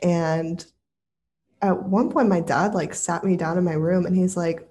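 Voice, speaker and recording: A woman guest on a podcast, telling stories in an expressive, dramatic way with frequent laughter. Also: lowish voice, normal speed. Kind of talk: casual interview chat.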